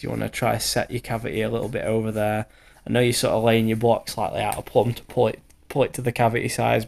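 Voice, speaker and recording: A man's voice: fairly low pitch, vocal fry, darkish tone. A man in his thirties, a bricklayer, giving a rambling, casual voiceover full of fillers; he sounds tired from lack of sleep. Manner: rambling, loose talk full of fillers and the odd swear. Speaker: bricklayer vlogger.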